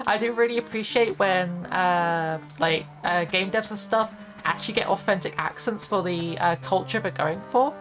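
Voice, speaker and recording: With faint music in the background, a young woman rambles through casual chat on her video game stream, laughing and using lots of fillers. Her voice is mid-range and moves at a moderate pace.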